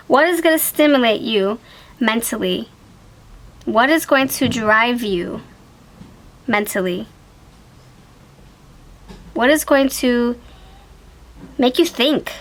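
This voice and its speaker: A woman giving a casual tarot reading to her viewers, chatty and animated, with quick exclamations and frequent self-corrections. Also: on the high side, low-quality recording. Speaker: tarot reader.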